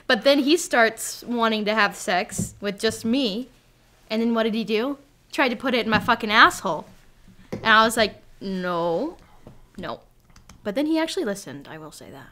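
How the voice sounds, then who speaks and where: A woman's voice: fairly high pitch, expressive, normal speed, sharp tone. Matter-of-fact young woman guest. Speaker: podcast guest. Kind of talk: casual chat.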